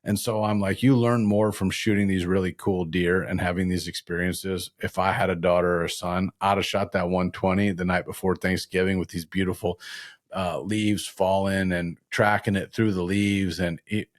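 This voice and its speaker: A man with a very low voice hosts a laid-back hunting podcast, rambling through folksy stories. His sound is dry and close, with no room around it. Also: little pitch movement, normal speed, dry recording. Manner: folksy storyteller, drops into playful mimicry of other hunters. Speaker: podcast host. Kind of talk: casual hunting podcast chat.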